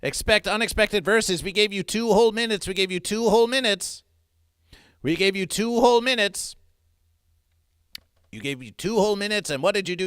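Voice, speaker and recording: Doing absurdist livestream comedy, a man auctions merchandise in theatrical, repetitive patter that dips into mock-mournful lows. His voice is expressive, fairly bright, clear and resonant, at a moderate pace with no echo.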